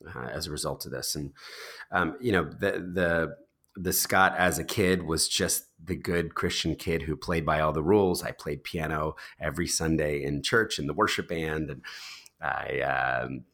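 A man in his thirties from the United States, a podcast guest recording from New York City, telling his life story thoughtfully with frequent pauses and restarts. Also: very deep voice, fairly even intonation, fairly bright tone. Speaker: interview guest. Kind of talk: conversational storytelling.

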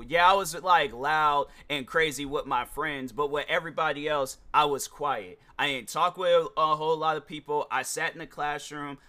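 Chatty young man with a bright voice. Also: fairly high pitch. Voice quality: chatty, rambling, frequent restarts and slang. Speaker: podcast host. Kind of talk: casual solo commentary.

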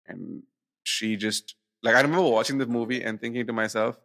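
A man's voice: medium pitch, brisk, creaky, pushed and bright. A man co-hosting a podcast, chatting casually about films and rambling through fillers and restarts. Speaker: podcast co-host. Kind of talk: casual film chat.

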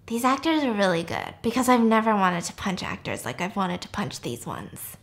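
A woman's voice: mid-range voice, huge pitch swings, normal speed, vocal fry, few pauses. A woman recapping a film in a chatty, casual way, full of "like" and swearing. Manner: chatty, heavy use of "like", swearing. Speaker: podcast host.

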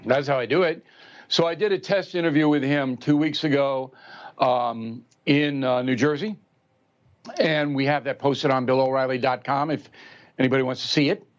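A man's voice: mid-range voice, steady tone, normal speed, lo-fi sound. An older man in his seventies giving blunt, emphatic political commentary in a talk show interview, mocking politicians by mimicking them.

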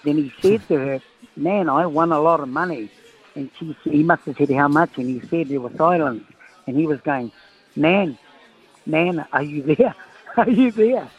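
Radio caller, New Zealand man, husky slightly high voice, muffled phone line, rambling yarn-teller. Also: normal speed. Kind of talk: telling a story on a phone call.

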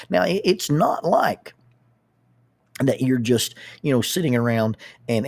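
A man, a public speaker and youth group leader telling a personal story in an animated way, often restarting his words. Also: mid-range voice, slightly rough, no room sound. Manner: animated, with repeated starts and lively asides.

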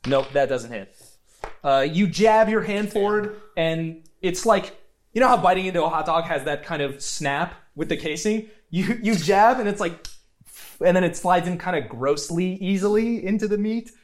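Animated, higher-voiced male game master. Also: normal speed. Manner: playful, vivid descriptions, laughs often. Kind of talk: narrating a tabletop game.

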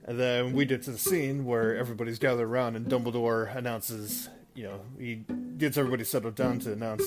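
A man's voice: mid-range voice, steady tone, fairly quick. Rambling man recapping a movie. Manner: rambling, many fillers and restarts, laughs at own stumbles. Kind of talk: casual retelling. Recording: guitar music in background.

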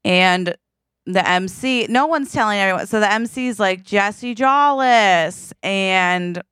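A woman co-hosting a podcast in casual chat, telling stories with animated asides and quoted voices. Her voice is smooth and resonant, close to the mic in a dry room with no echo. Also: medium pitch, a little slow. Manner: animated, quotes herself and others in lively asides. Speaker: podcast co-host.

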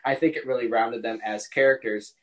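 A man's voice: medium pitch, brisk, poor audio. Chatty man discussing a mystery novel. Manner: animated, acts out quotes in character voices. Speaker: podcast co-host. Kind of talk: casual book discussion.

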